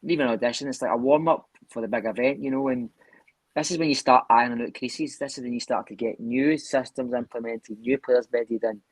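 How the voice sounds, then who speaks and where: A Scottish man giving measured, analytical football talk on a podcast. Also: medium pitch, fairly even intonation, slightly rough, no room sound. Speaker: podcast co-host. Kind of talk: casual chat.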